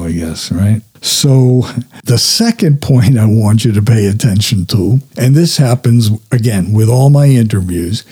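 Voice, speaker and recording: A man's voice: on the low side, dark tone, slightly rough. A man hosting his own podcast, chatting casually and self-deprecatingly, swearing now and then. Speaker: podcast host. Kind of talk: casual solo podcast talk.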